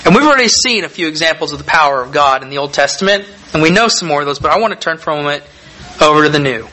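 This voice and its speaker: A man preaching a sermon, reading scripture aloud and explaining it in a measured, deliberate way with emphatic pauses. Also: fairly high pitch, animated, bright, forceful tone, poor audio.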